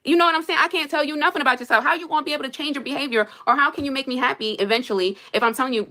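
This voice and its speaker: Speaking very fast with hardly any pauses, a young woman on a live stream reacts to super chats by venting heatedly about her marriage. Her voice is fairly high with a sharp tone, and she sounds exasperated and emphatic, repeating her points.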